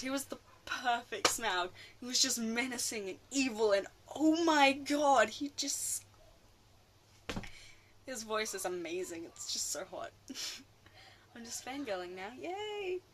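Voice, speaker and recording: A woman's voice: sits high, unhurried, slight background noise. Rambling woman vlogger. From Australia. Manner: rambling, excitable, often loses her train of thought. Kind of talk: casual film rant.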